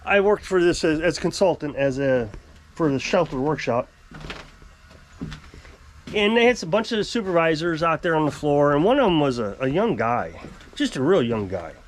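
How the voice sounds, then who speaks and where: A man's voice: fairly high pitch, normal speed, a little hiss or hum. A middle-aged man hosting his own channel, ranting in a casual, opinionated way and putting on voices when he quotes people. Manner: animated, opinionated, mimics voices when quoting. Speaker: channel host. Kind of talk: casual political vlog rant.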